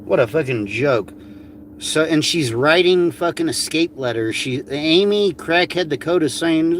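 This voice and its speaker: A man's voice: a little high, lively intonation, measured pace, slight background noise. A man ranting on a video, sneering and crude, swearing constantly as he mocks people. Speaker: ranting vlogger. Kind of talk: profane mocking rant.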